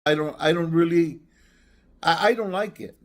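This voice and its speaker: A man's voice: on the high side, moderate pace. An older man in a played clip, ranting defensively and stumbling over his words. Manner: stammering, defensive. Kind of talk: casual ranting monologue.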